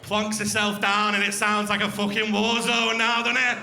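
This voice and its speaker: A man's voice: sits high, little pitch movement, moderate pace, noisy background. A young man doing a crude, swearing stand-up routine with crowd work on a comedy club stage. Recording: echoey club room.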